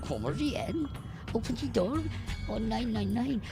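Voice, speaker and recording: A woman's voice: fairly high pitch, very animated, unhurried, over music. A woman voicing a fussy, neurotic little male German gnome in an adventure game, with an exaggerated mock German accent and a fretful, flustered, sing-song manner.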